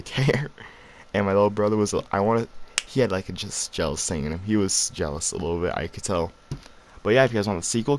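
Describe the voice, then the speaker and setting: A man's voice: lowish voice, slight background noise. A teenage boy telling a story to his viewers in a casual, rambling way, full of fillers and restarts, sounding tired late at night. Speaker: vlogger.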